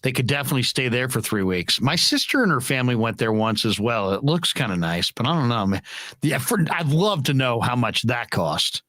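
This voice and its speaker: A middle-aged male host telling a story in casual podcast chat, animated and swearing freely. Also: mid-range voice, a little fast, no echo.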